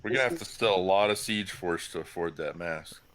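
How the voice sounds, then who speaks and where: A man's voice: low-pitched, fairly quick, a bit bright. A man co-hosting a casual livestream, dropping short, dry one-liners. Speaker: co-host.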